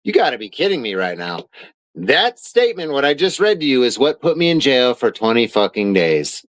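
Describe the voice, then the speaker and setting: At a moderate pace, a man with a mid-range voice and big pitch swings speaks in a dry, low-quality recording. His live stream from his home studio is an angry rant: he denies the claims, swears constantly, and reads out his arrest papers.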